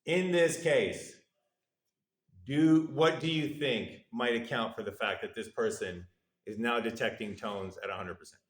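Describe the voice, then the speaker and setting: A man's voice: medium pitch, unhurried. A man giving a university lecture, explaining step by step in a playful way and dropping his voice to act out the test subjects' replies. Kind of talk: classroom lecture. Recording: roomy echo.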